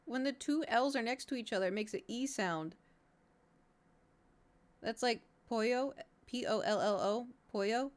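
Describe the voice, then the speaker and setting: A woman's voice: on the high side, measured pace. A woman streamer chatting casually with her viewers, rambling and poking fun at herself. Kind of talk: casual live-stream chat.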